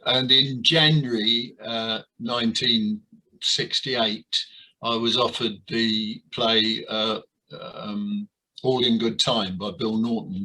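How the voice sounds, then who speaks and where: An older man being interviewed about his years in amateur theatre, talking with many pauses, fillers and restarts. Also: on the low side, bright, forceful tone, husky, low-quality recording. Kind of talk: reminiscing interview.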